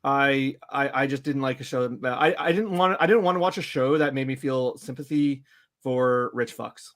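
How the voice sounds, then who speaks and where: A man co-hosting a casual chat show, talking in halting bursts with many restarts. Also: mid-range voice, a bit bright. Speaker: podcast co-host.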